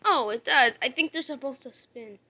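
High, bright woman ranting over a game. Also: moderate pace, slight background noise. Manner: swings between muttering and frustrated shouting; exasperated, swears at the game. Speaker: gamer. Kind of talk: gameplay commentary.

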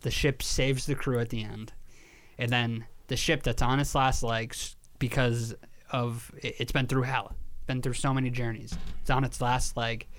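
A man in an easygoing podcast chat, his voice sitting at an ordinary middle pitch. He tells his story with heavy emphasis and a fair amount of swearing. He trips over his words and starts his sentences again. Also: flat delivery, moderate pace, a bit bright. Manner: repeats words and restarts sentences. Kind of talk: casual chat.

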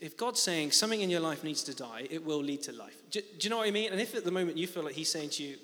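Young guy preaching, bright voice, lots of ups and downs, big echoey hall. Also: a little high. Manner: animated storytelling, acting out his own shock. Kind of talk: sermon with a personal story. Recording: reverberant church hall.

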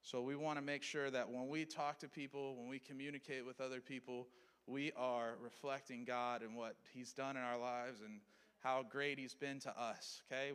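A man's voice: mid-range voice, a bit bright, clean tone. Man teaching a Bible lesson in a hall. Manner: conversational, checks in with listeners.

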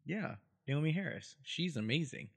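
A man co-hosting a podcast in casual chat, playful and quick to laugh. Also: fairly high pitch, lively intonation, creaky, breathy edge. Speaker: podcast co-host.

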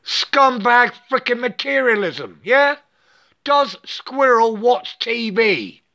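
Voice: mid-range voice, animated, slow, gravelly, sharp tone. A speaker delivering an impassioned solo rant in clipped, broken English, dropping articles, tagging lines with "yeah?" and swearing often in anger. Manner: swears often and vents with angry emphasis. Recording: dull lo-fi recording.

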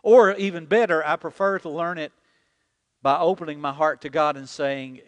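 A man's voice: fairly high pitch, moderate pace. A man preaching a sermon as pastor, leading the congregation in repeating a prayer. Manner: animated preaching, leads the congregation in call-and-repeat. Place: church sanctuary. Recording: long hall reverb.

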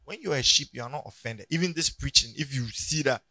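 A Ghanaian man preaching a sermon in church, telling stories and rising to loud emphatic peaks. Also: mid-range voice, fast talker, hardly any pauses, no room sound. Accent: Ghanaian English. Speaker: pastor. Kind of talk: sermon with anecdotes.

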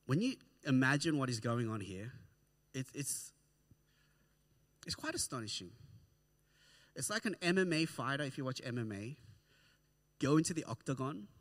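A man preaching a sermon to a congregation in an animated way, often checking in with "right?". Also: medium pitch, normal speed, pauses often. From Australia. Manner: animated, keeps asking "right?". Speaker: pastor.

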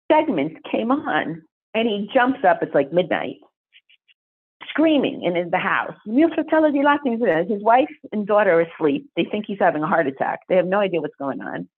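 Animated woman telling a story over a phone-like line. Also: lowish voice, husky. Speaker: guest. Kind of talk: storytelling interview. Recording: phone-like narrow sound.

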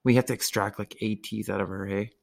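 A man's voice: fairly low pitch, steady tone, fast, creaky. A man, hosting a casual chat, rambling and swearing freely as he tells stories. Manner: profane, rambling storyteller.

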